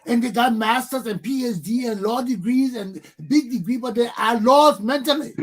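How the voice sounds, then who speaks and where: A man's voice: very high voice, normal speed, a crowd in the background. A man from Liberia hosting a talk show, ranting angrily in a profane, repetitive way full of rhetorical questions. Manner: angry, profane, repeating himself, rhetorical questions. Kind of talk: heated talk show rant.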